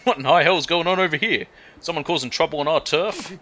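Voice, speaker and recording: A man's voice: on the high side, sing-song, fairly quick, bright, forceful tone, slight background noise, poor audio. A man voicing a brash male yakuza underboss with a put-on drawling accent, swaggering as he reads the game's lines. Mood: blustering.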